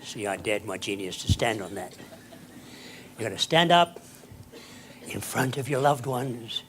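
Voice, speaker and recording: A man's voice: fairly low pitch, measured pace, a bit bright, slight background noise. A man giving a theatrical motivational keynote, emphatic and dropping at times to a whisper. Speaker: keynote speaker. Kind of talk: motivational speech.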